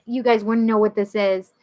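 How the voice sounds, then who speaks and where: A woman in her thirties from the Rochester area, hosting a casual livestream as a psychic medium, chatty and quick to laugh, acting out the people she quotes. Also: fairly high pitch, darkish tone. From Rochester area, New York. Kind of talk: casual livestream chat, reading viewer comments.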